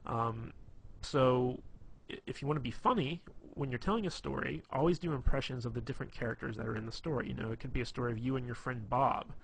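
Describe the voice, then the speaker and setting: A man's voice: medium pitch, quick pace, creaky, slight background noise. A man giving casual, rambling advice on being funny, full of fillers and restarts. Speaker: dating advice presenter. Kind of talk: casual instructional talk.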